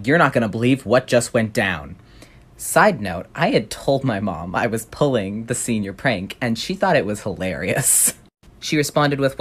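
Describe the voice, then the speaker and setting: A young adult telling a funny personal anecdote in an animated, sarcastic way, swearing freely. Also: mid-range voice, normal speed. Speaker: storyteller.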